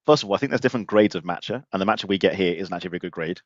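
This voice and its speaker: A man's voice: low voice, rapid-fire, no room sound, highs cut off. A man hosting a live-stream interview, blunt and joking, with emphatic opinions and mild swearing. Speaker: podcast host.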